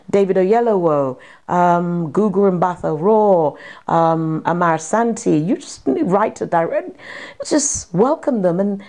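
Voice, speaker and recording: A middle-aged woman from Britain talks with an actor in her dressing room. Her voice sits low with a gravelly edge, and she speaks animatedly, breaking into laughter between thoughts. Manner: animated, laughing, lively asides. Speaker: actor being interviewed. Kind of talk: casual interview chat.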